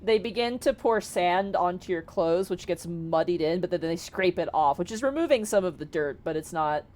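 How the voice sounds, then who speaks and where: A woman's voice: on the low side, lively intonation, normal speed, a little mellow. A woman narrating a tabletop game as game master in a casual way, with many fillers.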